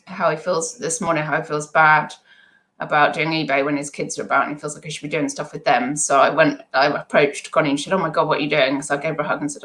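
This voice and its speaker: A middle-aged woman rambles through a live stream, in a stream-of-consciousness way. Her voice sits a little low for a woman. She is self-deprecating and chatty. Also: fairly bright tone, low-quality recording. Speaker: eBay seller livestreaming.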